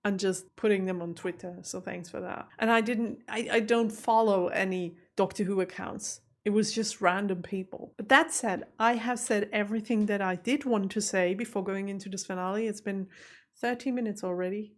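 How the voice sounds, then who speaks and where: A woman's voice: mid-range voice, steady tone, normal speed. A young adult woman hosting a TV reaction video, talking in a chatty, emotional and exclamatory way. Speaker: reaction channel host. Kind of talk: casual reaction commentary.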